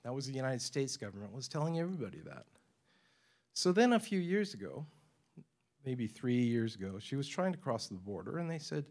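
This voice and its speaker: A man giving a talk to a forum audience in a university lecture room. He tells his stories with energy and chuckles between points. His pitch sits at an ordinary middle level for a man. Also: a little fast. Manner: animated storyteller, acts out quoted voices, laughs often. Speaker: forum speaker.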